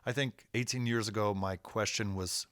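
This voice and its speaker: A man with a low voice tells a story as a podcast guest. He is laid-back and reflective, and he sounds close to the mic in a very dry setting. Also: steady tone, normal speed, a bit bright, no room sound. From United States. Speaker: rock musician guest. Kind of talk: casual storytelling interview.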